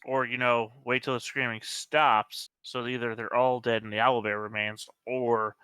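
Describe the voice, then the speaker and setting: A man's voice: medium pitch, flat delivery, moderate pace, sharp tone, smooth, no echo. A man playing a tabletop game, making his case in a dry, reasoning way. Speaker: player. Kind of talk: casual chat.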